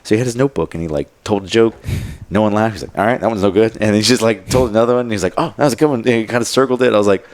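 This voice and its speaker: This man speaks rapid-fire in a voice on the low side, guesting on a podcast. He rambles through casual stories, scattering fillers and quoted asides along the way.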